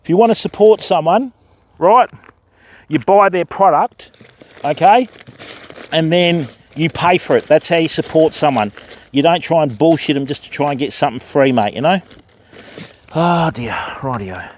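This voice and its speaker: Aussie bloke livestreaming his fishing, slightly high voice, matey chat, bit of faint noise. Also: moderate pace. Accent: Australian. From Western Australia. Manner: matey, chatty, talks to viewers by name. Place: riverbank outdoors.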